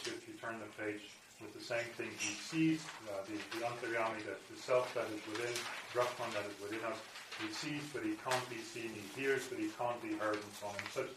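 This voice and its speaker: A man's voice: on the low side, noisy background. Man lecturing in an echoey room. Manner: hesitant, many fillers and restarts while explaining; reads passages aloud, then explains them. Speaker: teacher. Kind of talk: classroom lecture on scripture. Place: room with students present. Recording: echoey room, voice far from mic, faint ambience.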